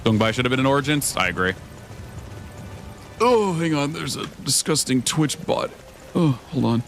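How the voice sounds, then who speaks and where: A man's voice: medium pitch, sing-song, normal speed, fairly bright tone, faint music behind. A young man streaming a video game, chatting casually with his viewers, swearing often and rambling between thoughts. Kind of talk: casual gameplay commentary.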